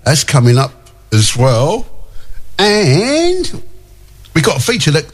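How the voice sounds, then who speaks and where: A man's voice: a little high, wildly swooping pitch, slow pace. A male radio host chatting and reading out listener messages in a jokey way, laughing often.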